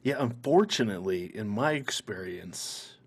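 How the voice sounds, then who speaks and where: Low husky-voiced laid-back man. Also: lively intonation, moderate pace. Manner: laid-back, earnest, easily amused. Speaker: podcast co-host. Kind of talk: casual chat. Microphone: fur-covered podcast microphone.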